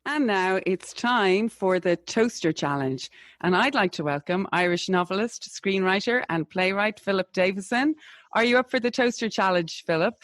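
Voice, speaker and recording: A woman's voice: medium pitch, expressive, moderate pace, fairly bright tone, no room sound. Woman, host, welcoming, segment intro, dry sound. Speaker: podcast host.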